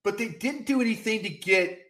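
A high-pitched man talks sports with a folksy, emphatic delivery. His voice carries a roomy echo around it. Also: a little fast, pushed and bright. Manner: emphatic, folksy, repeats "I'll tell you what". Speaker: co-host. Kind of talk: casual sports talk.

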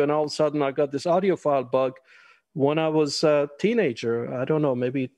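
A man's voice: fairly high pitch, fairly quick, darkish tone, no echo. A middle-aged man from Iran, a guest chatting casually and laughing often, with wry asides. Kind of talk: casual interview conversation.

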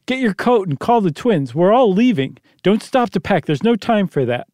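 Guy reading a dad barking urgent orders, lively and kinda high. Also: moderate pace, no room sound, studio quality. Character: urgent, commanding father in a crisis.

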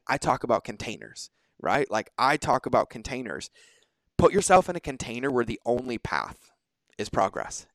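A man hosting a podcast in casual conversation, energetic and animated, swearing freely and acting out quoted exchanges. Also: medium pitch, no echo. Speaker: podcast host.

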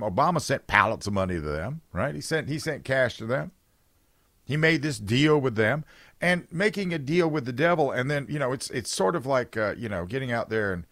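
A man's voice: medium pitch, expressive, a little fast, a bit bright, dry recording, studio quality. A man hosting a political talk radio show, giving opinions in a conversational way and reading listener texts aloud.

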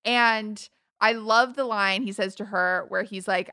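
A woman in her thirties talking in a casual chat. She sounds bright and forceful, with a dry, close sound, and she keeps the talk lively and candid with frequent laughs. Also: medium pitch, measured pace, clear, resonant tone, dry recording. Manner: candid, laughing, animated storytelling.

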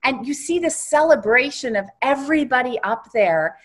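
A woman reverend, a guest on an interview show, telling a spiritual guided exercise with emphatic, animated storytelling. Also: sits high, moderate pace.

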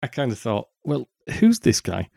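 Rambling podcast co-host. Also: male voice, medium pitch, huge pitch swings, moderate pace, gravelly, mellow, dry recording, clean studio sound. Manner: chatty, rambling with many ums and restarts. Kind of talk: casual chat.

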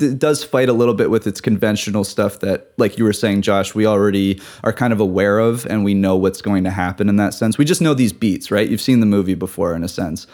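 A man co-hosting a podcast, talking casually about films in a relaxed, halting way. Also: lowish voice. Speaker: podcast co-host. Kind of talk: casual film discussion.

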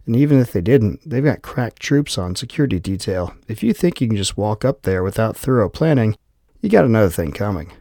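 A jittery male security guard, wary and cursing, as a male narrator plays him in a low, steady voice. He pushes back hard and sounds close to bolting. The read is dry and close, with no room around it. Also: brisk, gravelly, dry recording. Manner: exasperated, cursing.

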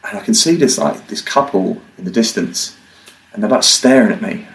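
A man's voice: fairly low pitch, normal speed, poor audio. A young man from the UK, a podcast guest, telling a story casually, swearing and acting out what people said. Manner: swearing, animated, acts out quotes.

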